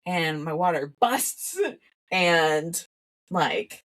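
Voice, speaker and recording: A woman's voice: low voice, drawn-out words. A woman guest on a podcast telling a story in casual conversation, laughing often and acting out what she said back then. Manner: animated, laughs often, acts out her own past words.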